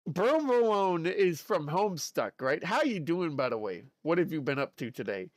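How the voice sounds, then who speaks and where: A man's voice: on the high side, big pitch swings, moderate pace, dry recording. A male streamer chatting casually and playfully with his live chat while he works at his desk.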